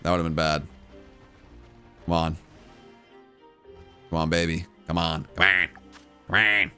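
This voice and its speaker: A man's voice: low voice, fairly even intonation, takes it slowly, pushed and bright, faint music behind. A man streaming live to his chat, giving casual game commentary and repeating phrases as he goes. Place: home room.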